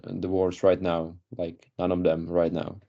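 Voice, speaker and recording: Deep-voiced young Czech man, hesitant. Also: completely flat delivery, normal speed, muffled recording. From Czech Republic. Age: 20s. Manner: hesitant, filler-heavy. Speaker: student.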